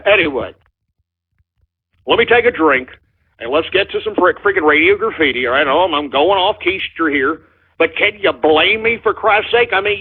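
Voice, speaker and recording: A man with a high, breathy voice hosts a call-in radio show. Furious and foul-mouthed, he rants at listeners and shouts down trolls. The recording has a thin, telephone-style sound.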